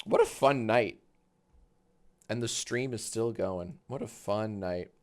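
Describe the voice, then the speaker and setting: A man hosting a live stream, chatting casually and loudly, swearing, laughing and getting excited in bursts. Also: slow. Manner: excitable, loud, swears, laughs often, big swings in pitch and volume. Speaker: livestream host. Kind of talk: casual livestream chat.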